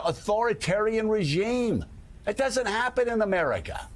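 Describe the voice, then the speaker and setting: A man's voice: high voice, sing-song, unhurried. A middle-aged man hosting a morning talk show, delivering indignant, emphatic opinion commentary.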